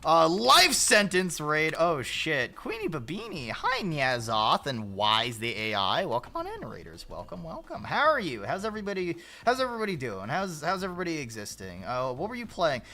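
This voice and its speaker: A man hosting a livestream in a casual, rambling chat, swearing freely and breaking into loud laughs. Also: on the high side, sing-song, moderate pace, vocal fry, few pauses. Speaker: livestream host.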